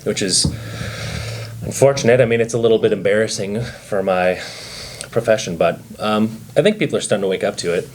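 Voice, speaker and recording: Podcast co-host, male, low-pitched, lively and teasing, drops into mock voices for quotes. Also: a little fast. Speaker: podcast co-host, physical therapist. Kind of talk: casual podcast chat.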